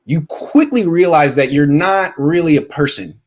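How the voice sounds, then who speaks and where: Man, call-in show host, rambling joking manner, slightly high voice. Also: normal speed, darkish tone. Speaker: podcast host taking calls. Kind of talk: casual call-in chat.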